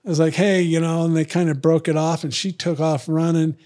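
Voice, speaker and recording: A man's voice: a little high, level tone, fairly quick, mellow. A middle-aged man telling stories in casual chat, blunt and profane, acting out both sides of old arguments. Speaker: guest. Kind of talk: casual storytelling.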